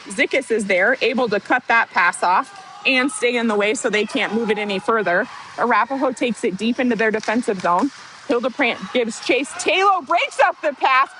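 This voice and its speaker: A woman calling play-by-play for a youth hockey game, excitable and openly rooting for her team. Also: fairly high pitch, moderate pace, background noise. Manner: excitable, partisan, apologizes for getting worked up. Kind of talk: amateur youth hockey commentary.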